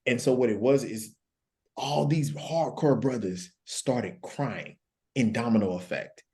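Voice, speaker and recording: A man's voice: medium pitch, unhurried, warm tone. A man speaking as a guest life coach on a panel, telling stories earnestly and repeating key phrases for emphasis. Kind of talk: panel discussion, storytelling.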